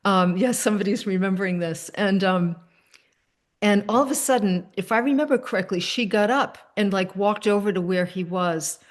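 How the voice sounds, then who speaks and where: Middle-aged woman host, storytelling over a video call, animated, chatty. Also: medium pitch. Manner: animated storyteller, quick asides, soft fillers. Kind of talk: casual storytelling chat.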